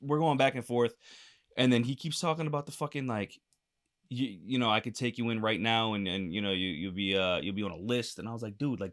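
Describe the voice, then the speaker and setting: Fast-talking young man telling a story. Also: mid-range voice. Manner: animated storyteller, swears freely, acts out quotes. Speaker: podcast co-host. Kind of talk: casual storytelling chat.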